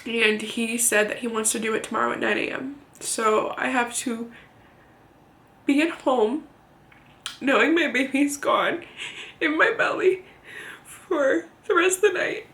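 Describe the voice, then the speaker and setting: A young woman vlogging, telling a personal story to the camera in a candid, halting way, swearing now and then and close to tears. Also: on the high side, a bit bright. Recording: roomy echo.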